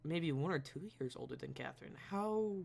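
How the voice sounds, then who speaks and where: A streamer giving live commentary over a game, blurting quick excited reactions and the odd swear, and reading game dialogue aloud in between. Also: mid-range voice, creaky, a crowd in the background.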